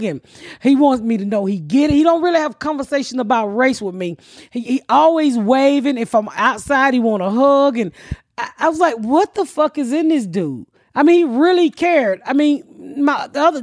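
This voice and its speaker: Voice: mid-range voice, no room sound, clean studio sound. A podcast co-host telling a story in casual chat, swearing freely and acting out what other people said. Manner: profane, animated storyteller acting out quotes.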